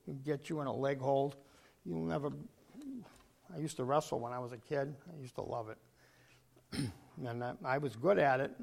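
Older male preacher, gravelly and a bit high, throat-clearing, emphatic sermon delivery.

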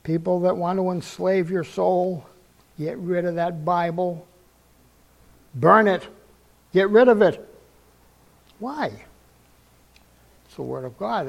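Gravelly high-voiced older man preaching. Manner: earnest storytelling, acts out quoted dialogue, repeats phrases. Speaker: preacher giving testimony. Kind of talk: sermon testimony.

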